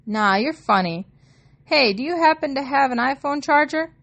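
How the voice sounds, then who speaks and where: A woman's voice: sits high, expressive, moderate pace, gravelly, voice pushed up, full character voice. A woman voicing a cheerful, chatty male taxi driver with an almost British accent and a joking manner. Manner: joking, loud, upbeat.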